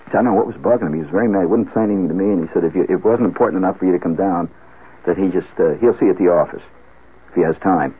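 A man telling a rambling comic story on the radio, animated and full of asides and restarts. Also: low voice, very fast, breathy edge. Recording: tinny phone-like old radio broadcast.

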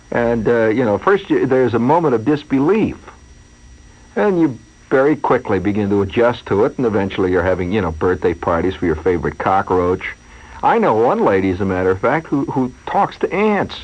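Heard through a dull, lo-fi radio broadcast, this male host talks a little fast in an expressive, mid-range voice. His wry comic monologue wanders through digressions and asides.

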